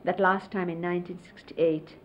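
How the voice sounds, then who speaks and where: A middle-aged woman casually reminiscing, explaining hand gestures in an unhurried, conversational way and often quoting others. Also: fairly low pitch, level tone. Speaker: interviewee recalling life with a spiritual teacher. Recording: lo-fi 1970s videotape, faint hiss.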